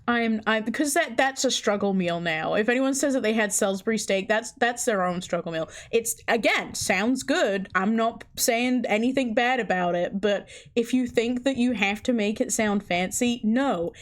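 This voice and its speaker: A woman's voice: a little high, moderate pace, few pauses. A woman livestreamer chatting casually, incredulous and chatty, swearing often. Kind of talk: casual stream chat.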